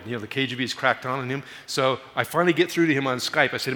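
Animated bright-voiced male preacher. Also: medium pitch, racing, hardly any pauses, long reverb tail. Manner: animated storytelling, raises voice for emphasis. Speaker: guest missionary preacher. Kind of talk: sermon. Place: church sanctuary.

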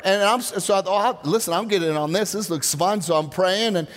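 A man preaching a sermon to a congregation, telling stories with lively acted-out voices. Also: high-pitched, fairly quick. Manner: animated storytelling, acts out voices. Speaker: pastor. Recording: long reverb of a large hall.

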